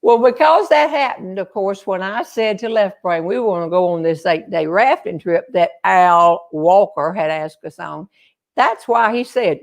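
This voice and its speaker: A woman's voice: mid-range voice, unhurried, gravelly. An older woman, telling a comic story and acting out the people in it. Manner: animated, acts out quoted voices with shouting. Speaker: humorist storyteller.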